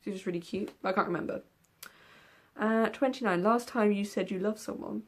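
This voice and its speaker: A woman's voice: medium pitch, a little fast. A young woman chatting casually in a book vlog tag video, rambling with lots of ums and the odd yawn. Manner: rambling, with many ums and yawns. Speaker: book vlogger.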